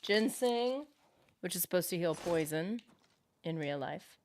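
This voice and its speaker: A woman's voice: lowish voice, expressive, unhurried, a little mellow, a little hiss or hum. A woman streaming a game, chatting casually with viewers in a rambling way, full of fillers, and reading out chat comments.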